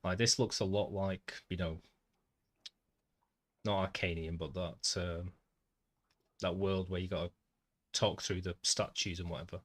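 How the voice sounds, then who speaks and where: A man's voice: sits low, little pitch movement, unhurried, long pauses. Mancunian man chatting on a game stream. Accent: Northern English, Manchester. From Manchester, England. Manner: chatty, talks to chat, says "mate" often. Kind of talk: casual gameplay livestream chat.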